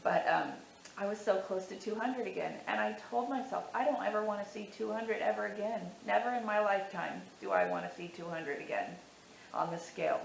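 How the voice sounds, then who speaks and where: A woman's voice: mid-range voice, animated, a little fast, gravelly, roomy sound, slight background noise, low-quality recording. A woman talking candidly to camera about her weight loss, emotional and teary, repeating herself for emphasis. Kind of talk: casual to-camera vlog.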